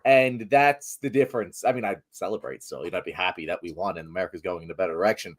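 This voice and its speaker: A man in casual political chat with a co-host, animated and sarcastic, swearing often. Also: deep voice, quick pace, few pauses. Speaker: political commentator.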